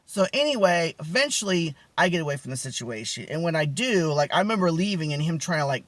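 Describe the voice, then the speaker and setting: Animated higher-voiced man telling a story. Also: fast talker, no echo. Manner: animated, many fillers and restarts. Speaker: vlogger. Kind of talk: casual storytelling to camera.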